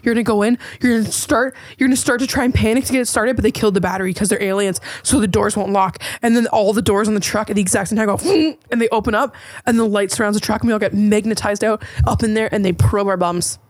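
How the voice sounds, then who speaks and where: A woman hosting a podcast, chatting casually with a playful, teasing manner and quick storytelling. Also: medium pitch, fairly even intonation, no echo. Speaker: podcast host. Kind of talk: casual chat.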